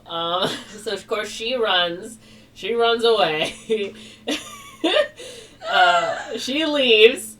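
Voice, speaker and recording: Taking it slowly in a medium-pitched, fairly bright voice, a podcast co-host casually rambles through a plot retelling. Her speech is full of "like" and "or whatever", and the distant mic picks up faint background noise.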